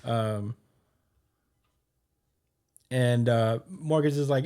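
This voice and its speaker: A man's voice: medium pitch, unhurried, a little mellow. A man hosting a podcast, chatting casually with many fillers and frequent laughs while he recaps a comic chapter. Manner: rambling, filler-heavy, laughs often. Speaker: podcast host.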